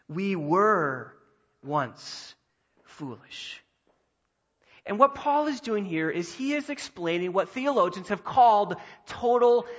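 A man's voice: sits high, sharp tone, highs cut off. A man preaching a sermon as pastor, earnest and emphatic, repeating key phrases for weight. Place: church sanctuary.

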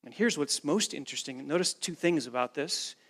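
Man, pastor, sermon, emphatic, repetitive phrasing, somewhat high pitch. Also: expressive, a little fast, fairly bright tone. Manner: earnest, emphatic preaching with repeated phrases.

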